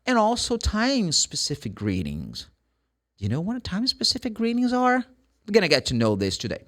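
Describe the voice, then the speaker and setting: An English teacher, his voice sitting a bit higher than most men's and swinging widely in pitch. He drills phrases emphatically in a lively online lesson. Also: fairly quick. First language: Portuguese. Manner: animated, emphatic, repeats example phrases.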